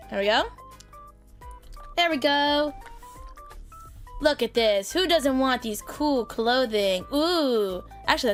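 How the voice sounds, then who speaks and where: High-voiced excitable woman streamer. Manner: excitable, laughing often, swearing in mock outrage. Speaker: streamer hosting a chat with creators. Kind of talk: casual live stream chat.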